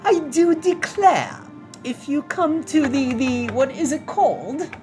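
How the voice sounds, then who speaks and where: A man voicing a pompous wealthy early-1900s gentleman with a drawn-out, affected upper-class put-on accent. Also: high voice, lively intonation, faint music behind. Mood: haughty.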